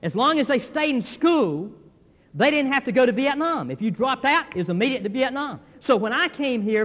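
An older male pastor preaching a folksy, animated sermon, acting out what church members tell him. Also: very high voice, moderate pace. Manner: folksy, animated preaching with quoted voices and laughs. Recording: long hall reverb.

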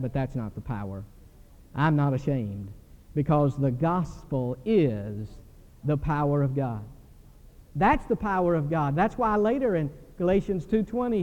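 High-voiced older male preacher, storytelling. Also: animated, unhurried, a little mellow. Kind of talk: sermon. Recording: dull recording with long hall reverb.

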